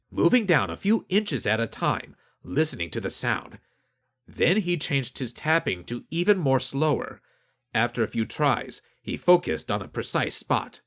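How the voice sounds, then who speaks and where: Expressive male audiobook narrator. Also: mid-range voice. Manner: expressive storytelling. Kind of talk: scripted narration.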